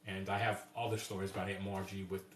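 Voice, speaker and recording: A man's voice: low-pitched, flat delivery, quick pace, a little hiss or hum. A man hosting a casual cooking live stream, rambling through stories with frequent restarts. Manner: rambling, restarts often, warm storytelling. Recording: roomy echoey room.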